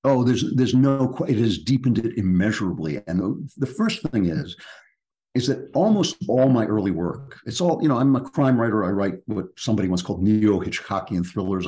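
A man's voice: on the low side, warm tone. An older man, a crime novelist, talking earnestly about beauty and truth in an interview, often restarting his sentences. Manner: earnest and searching, with many restarts. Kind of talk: reflective interview talk.

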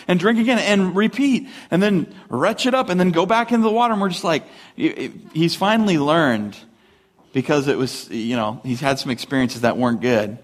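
Guy preaching a sermon, kinda high voice, lively, acts out the complainers. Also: moderate pace. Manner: animated, acts out grumbling voices, asks rhetorical questions. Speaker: pastor.

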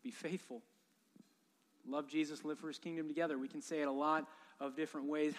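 A man's voice: fairly high pitch, fairly even intonation, fairly quick. A man in his thirties preaching a sermon, telling stories with humor and animation. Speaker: pastor. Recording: long hall reverb.

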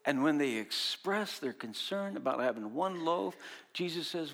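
Animated male preacher, lively pitch. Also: normal speed. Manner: animated, swings from shouting to quiet asides; acts out disciples' voices. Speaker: pastor. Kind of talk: sermon.

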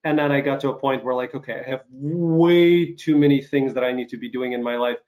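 Halting recovering male talk show host. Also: mid-range voice, darkish tone. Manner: halting, many fillers and restarts. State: recovering from illness, occasional coughing. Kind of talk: casual interview chat.

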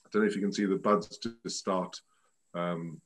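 Male guest, fairly low voice, meandering hesitant talker on a home video call. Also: steady tone, moderate pace, low-quality recording. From France. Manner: rambling, hesitant, restarts often. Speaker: guest rose expert. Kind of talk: casual chat over video call. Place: at home by a window.

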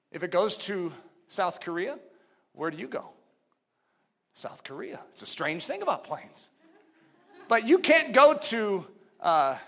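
A preacher man with a very high, bright, forceful voice delivers a sermon. He shouts key points, then falls to quiet, low asides. He builds rhythmic runs of repeated phrases. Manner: swings from loud shouted emphasis to hushed low asides.

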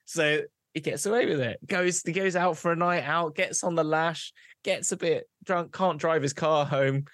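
A young podcast co-host with a highish, fairly bright voice speaks at a moderate pace in clean studio audio with no echo. He rambles through a long joke, loses his place and starts over.

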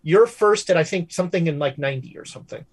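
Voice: mid-range voice, expressive, quick pace, husky, rough recording. Rambling game master. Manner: rambling, many fillers and restarts. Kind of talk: running a tabletop horror game.

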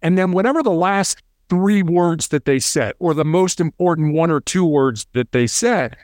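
A man who is a former SWAT hostage negotiator, talking fast in an interview and often restarting with repeated words. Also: a little high, expressive, a little mellow, no echo, studio quality. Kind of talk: casual interview storytelling.

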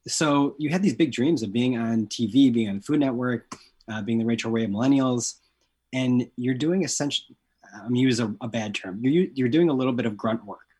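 A man's voice: mid-range voice, brisk, warm tone, slightly rough. A man hosting an interview, asking friendly questions with hesitant restarts. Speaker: interview host.

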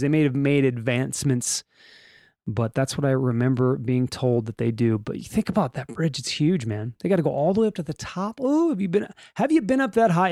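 A man's voice: on the high side, dry recording, studio quality. Jokey rambling male podcast host. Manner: rambling and joking, with restarts and mock voices. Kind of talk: casual news podcast chat.

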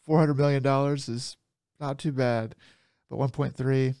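A man's voice: medium pitch, fairly even intonation, moderate pace, warm tone, no echo, clean studio sound. Chatty, laughing podcast co-host man. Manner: chatty, laughs often, gets worked up. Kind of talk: casual podcast chat. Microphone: remote call mic.

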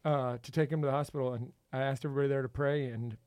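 A man hosting a podcast in casual chat, animated and laughing often. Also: medium pitch, fast, dry recording. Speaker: podcast host.

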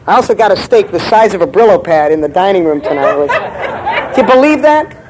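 A man's voice: high voice, lively intonation, fast, a little mellow, a faint crowd, a little hiss or hum, poor audio. A man giving a comic lecture as a writer, brash and profane, rambling with stammered restarts.

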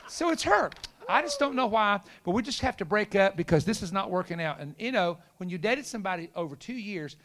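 A man's voice: sits high, fairly quick. A middle-aged man, preaching a storytelling sermon and acting out the voices of the people in his story. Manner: animated, acts out quoted voices, shouts punchlines.

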